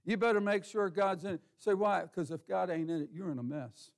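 A male pastor preaches in a church with a high-pitched voice and a gravelly edge. He talks to his congregation in a folksy, homespun way, says "ain't", throws out rhetorical questions and calls on people by name. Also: fairly quick. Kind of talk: sermon. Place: church sanctuary.

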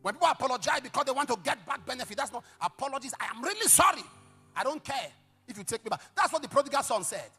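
A middle-aged male pastor preaching a sermon, telling stories dramatically with sudden shouts and hushed asides. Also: extremely high pitch, expressive, very fast, breathy edge, faint music behind. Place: church service.

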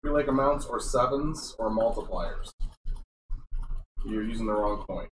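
A man's voice: on the low side, measured pace. A man with a Michigan accent giving matter-of-fact scratching tips during a casual chat. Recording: roomy, with audible background noise.

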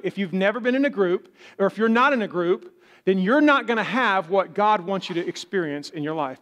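A pastor delivers his sermon in a high, light voice for a man. He preaches in a conversational way and slips into the voices of doubters to make his point. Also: a bit bright. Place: church.

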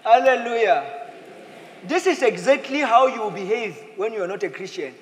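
A high-pitched man preaches a sermon, his voice swinging widely from low murmurs to sharp peaks. He talks in a lively, playful way. The sound is roomy, a long echoing hall with faint ambience behind him. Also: normal speed, a little hiss or hum. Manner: lively, mixes in playful acted quotes and laughter. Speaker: pastor.

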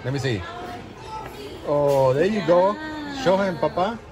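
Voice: mid-range voice, expressive, unhurried. A person filming a family outing in a casual vlog, talking playfully, coaxing and laughing often. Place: busy theme-park restaurant and walkways. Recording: crowded noisy venue. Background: crowd chatter.

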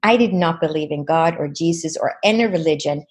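A woman's voice: low-pitched, fairly quick, a little mellow. A woman guest in an interview, earnestly retelling a personal experience with many "you know"s. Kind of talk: personal storytelling.

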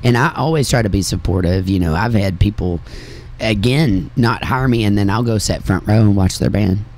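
A man's voice: lowish voice, normal speed, darkish tone, slight background noise. Blunt man with slight Kentucky country accent. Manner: blunt, chatty, laughs often. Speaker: radio interview host and musician. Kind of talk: casual interview chat.

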